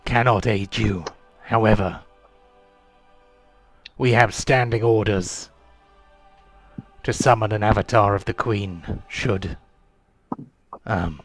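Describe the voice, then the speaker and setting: Man doing a gruff shadow-elf emissary. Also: fairly bright tone, dry recording, heavily acted. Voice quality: gruff low growl. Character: solemn Shadokai elf emissary of a death goddess.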